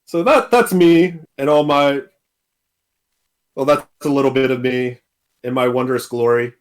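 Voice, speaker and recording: A man's voice: mid-range voice, a little slow. A young man, a guest on a casual podcast, telling a story with frequent laughs.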